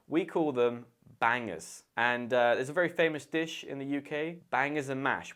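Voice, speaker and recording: A man's voice: mid-range voice, a bit bright. A man with a British accent explaining English words in a chatty, playful way as an English teacher.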